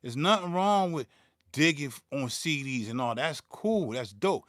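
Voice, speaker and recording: A man's voice: a little high, animated, measured pace, fairly bright tone, no room sound, studio quality. A man, hosting his own beatmaking channel and ranting in a profane, heated way, stumbling and repeating words as he gets worked up. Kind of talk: livestream rant.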